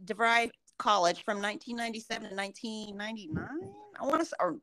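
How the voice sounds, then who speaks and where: Lively, bright-voiced profane woman storyteller. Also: fairly high pitch, fast, low-quality recording. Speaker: podcast co-host. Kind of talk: casual chat.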